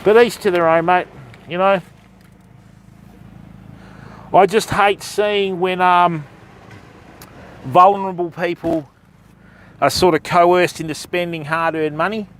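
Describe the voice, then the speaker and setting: An Aussie fishing livestreamer talks matily with his viewers from a beach, keeping things casual. He speaks a little slowly in a high, slightly bright voice with fairly even intonation, against slight background noise.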